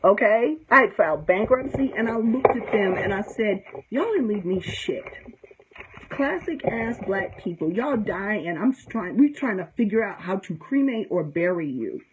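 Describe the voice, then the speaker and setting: A woman's voice: mid-range voice, lively intonation, normal speed, few pauses, lo-fi sound, slight background noise. A middle-aged woman from the United States, a conjure practitioner, giving blunt, profane, straight-talking advice in a casual teaching talk, often checking in with "okay?". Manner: emphatic storytelling with frequent "okay?".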